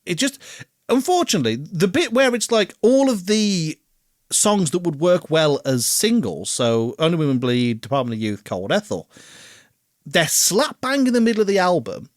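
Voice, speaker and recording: Man, podcast co-host, casual album chat, lively pitch, dry sound. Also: no echo. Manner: animated, swearing, laughs often, quick asides.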